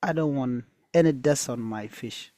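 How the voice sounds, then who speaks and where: A man's voice: mid-range voice, moderate pace, warm tone, no echo, natural voice. A man reading a folktale aloud who voices a lazy, selfish young girl making demands of her sister. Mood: spoiled demanding. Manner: demanding, sneering.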